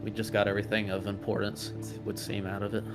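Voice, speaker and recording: A man playing a tabletop game, questioning a captive in a measured, probing way. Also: fairly low pitch, completely flat delivery, over music. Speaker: player. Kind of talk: in-character interrogation in a tabletop game.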